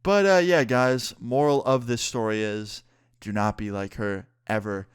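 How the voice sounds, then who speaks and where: Animated, profane man telling a story. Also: medium pitch, unhurried, clear, resonant tone. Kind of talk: casual story time.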